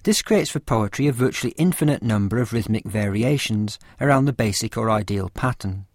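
A man reading a scripted lesson with a measured, careful explanatory delivery. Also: lowish voice, no room sound, clean studio sound. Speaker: teacher of poetry. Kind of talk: scripted lecture narration.

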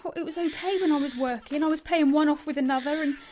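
A woman's voice: sits high, fast, a little mellow, slight background noise, lightly acted. An actress playing a desperate young mother buried in debt, crying and swearing in frustration. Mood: weary tearful. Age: 30s. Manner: tearful, swearing, exasperated. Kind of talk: scripted educational drama.

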